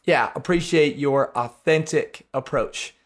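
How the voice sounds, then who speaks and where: A man's voice: a little high, a little slow. A male podcast host thanking his guest with effusive praise and closing out the show. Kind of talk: interview wrap-up and outro.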